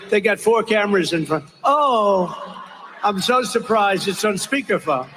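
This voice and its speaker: A man's voice: high voice, lively intonation, a little slow, bright, forceful tone, a little hiss or hum. An older man giving a rambling, repetitive, mocking campaign speech at a large rally. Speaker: political candidate. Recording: long echo of a big rally hall.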